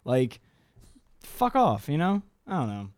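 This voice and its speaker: A man's voice: mid-range voice, wildly swooping pitch, measured pace, a little mellow, dry recording. A man in his thirties co-hosting a podcast in casual chat, rambling and swearing, with many restarts. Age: 30s. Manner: loose, profane, rambling with restarts. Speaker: podcast co-host.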